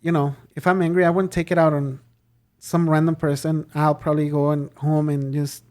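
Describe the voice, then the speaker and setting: A man's voice: on the high side, moderate pace. A young man from Mexico, a podcast guest, telling a story in casual chat and acting out the people in it. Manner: animated, acts out quoted voices.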